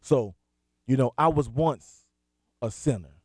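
A man's voice: mid-range voice, measured pace, a little mellow, no room sound, clean studio sound. A man hosting a Christian talk radio show, preaching in a direct, emphatic way. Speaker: radio host and minister.

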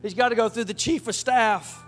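A man preaching a sermon with emphatic call-and-response, folksy phrasing, and shouted hallelujahs. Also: sits high, moderate pace, soft background music. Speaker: pastor.

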